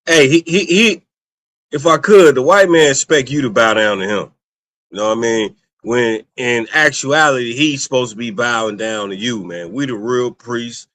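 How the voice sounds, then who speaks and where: A man's voice: medium pitch, moderate pace, a bit bright. A man co-hosting a casual religious discussion, rambling and often checking in with his listener. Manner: rambling, keeps asking "you understand me". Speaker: co-host.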